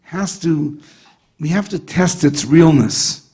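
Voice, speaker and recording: A rabbi holding a gathering's attention with a lively tale, his fairly high voice rough with a gravelly edge. He talks like a friend across the table, slipping in Yiddish words and asking his listeners whether they follow. The tone is husky rather than clean. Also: takes it slowly. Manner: animated storyteller sprinkling Yiddish and Hebrew words; conversational, often asks the audience "you know what I mean?". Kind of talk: storytelling talk at a Hasidic gathering.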